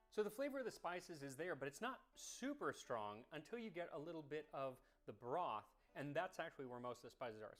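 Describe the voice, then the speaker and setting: Male cooking-history host, mid-pitched, chatty, tastes as he talks, keen on old stories. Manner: chatty, thinks aloud while tasting; curious, enthusiastic about history. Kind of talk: tasting commentary to camera.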